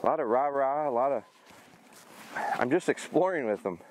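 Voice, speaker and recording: A middle-aged man training a hunting dog outdoors, explaining his approach in a relaxed way between short commands. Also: normal speed, a little hiss or hum. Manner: high excited praise to the dog. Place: outdoors in a field.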